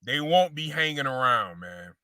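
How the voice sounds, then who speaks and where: Bright-voiced man doing slangy sneaker talk. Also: mid-range voice, animated, moderate pace, clean tone, no echo, studio quality. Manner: slangy, repeats phrases, addresses viewers as y'all. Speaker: sneaker show host. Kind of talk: casual sneaker commentary.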